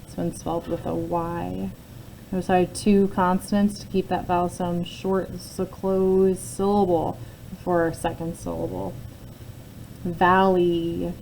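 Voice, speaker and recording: Brief: woman teacher, lower mellow voice, patient step-by-step phonics lesson, faint noise behind. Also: flat delivery, a little slow, creaky, poor audio. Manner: patient, explains step by step with frequent "okay?" check-ins. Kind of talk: phonics lesson, talking through a word sort.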